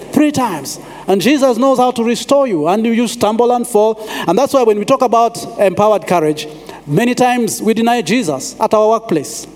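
A man preaches a sermon, his voice pitched high for a man. He pauses often and repeats phrases to drive a point home. The sound carries a long reverb from a large hall. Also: a little mellow. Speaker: pastor.

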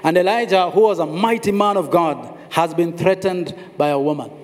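A man's voice: a little high, moderate pace. A man preaching a sermon, telling the story dramatically, acting out the voices and repeating phrases for emphasis. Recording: long hall reverb.

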